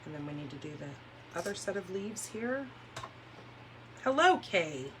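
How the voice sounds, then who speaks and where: A woman with a bright, forceful voice hosts a crafting livestream from her home, chatting casually as she works. She rambles from one story to the next and laughs easily, with a faint hum of noise behind her. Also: fairly low pitch, big pitch swings, unhurried. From California. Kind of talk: casual chat while demonstrating paper crafts. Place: room at home.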